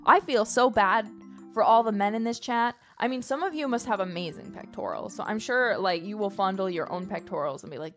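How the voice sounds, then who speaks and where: A woman livestreamer rambling playfully and loudly to her chat. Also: mid-range voice, fairly quick, faint music behind.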